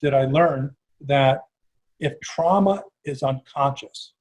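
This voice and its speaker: A middle-aged man with a Chicago accent hosting an interview, talking in an animated way with many restarts. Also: mid-range voice, slow pace, rough recording. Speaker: host. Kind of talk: interview conversation.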